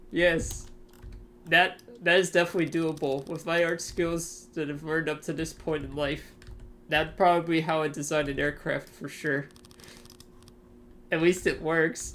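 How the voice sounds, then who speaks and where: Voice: medium pitch, steady tone, a little slow, a bit bright. A game streamer chatting casually on a live stream, answering chat, rambling with fillers and chuckling often.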